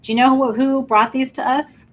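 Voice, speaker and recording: A woman hosting a live crystal sale online, talking excitedly to viewers in an emotional, gushing way and laughing often. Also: high voice, normal speed. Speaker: livestream crystal seller. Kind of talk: live sales stream, chatting with viewers.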